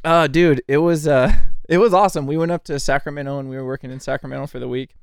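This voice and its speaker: A man co-hosting a podcast, telling a story in a casual, animated way, laughing often and saying "dude" a lot. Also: a little high, fast talker, creaky, clear, resonant tone, dry recording, clean studio sound. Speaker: podcast co-host.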